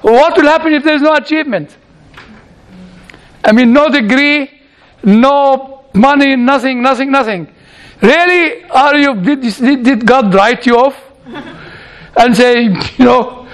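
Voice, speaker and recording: Speaking to an audience that laughs along, a man with a non-native English accent tells funny stories, chuckling often and repeating words. His voice is extremely high, his delivery a little slow, with long pauses.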